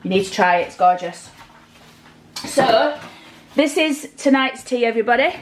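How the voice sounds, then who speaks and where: A woman's voice: a little high, lively intonation, normal speed, poor audio. A woman chatting to her viewers while she cooks in her home kitchen, casual and talkative. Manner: chatty, addresses viewers directly. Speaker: vlogger. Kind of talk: casual cooking vlog.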